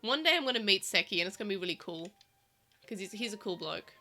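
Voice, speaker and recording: A woman's voice: mid-range voice, lively intonation, fast, pushed and bright, soft background music. An Australian woman with South Australian vowels, chatting casually as a podcast co-host, rambling with many fillers and restarts. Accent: Australian, South Australian vowels, living in Melbourne. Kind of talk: casual chat.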